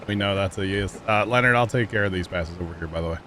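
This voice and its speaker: A man livestreaming a farming game, chatting casually with viewers and teammates, thanking them between quick exclamations. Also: deep voice, bright, forceful tone, a little hiss or hum. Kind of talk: casual gaming livestream chat.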